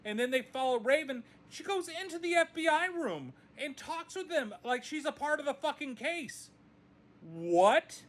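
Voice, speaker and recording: A man's voice: very high voice, expressive, normal speed, a bit bright. A man reviewing a movie in a casual video, ranting with exasperation and frequent swearing.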